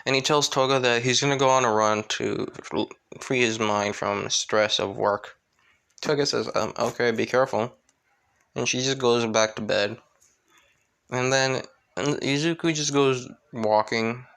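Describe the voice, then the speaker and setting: A man's voice: medium pitch, measured pace, a bit bright, smooth. A young man casually narrating a fan story, rambling with frequent restarts and hesitations.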